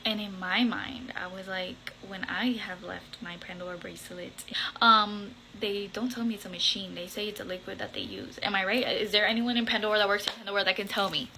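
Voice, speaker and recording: A young woman vlogger telling a storytime, animated and blunt, swearing casually and dropping Spanish words into her English. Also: medium pitch, a little fast, gravelly, background noise. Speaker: content creator. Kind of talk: storytime vlog.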